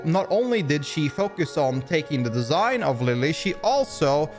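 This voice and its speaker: A man's voice: on the high side, sing-song, normal speed, over music. A man giving opinion commentary, rambling along with frequent restarts and fillers. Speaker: commentary YouTuber.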